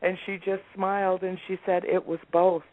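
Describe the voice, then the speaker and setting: Over a tinny, dry phone line with no room sound, a sixty-something woman shares family stories as an interview guest. Her voice sits on the low side and moves at a moderate pace, and she animatedly performs what her relatives said in this remote conversation.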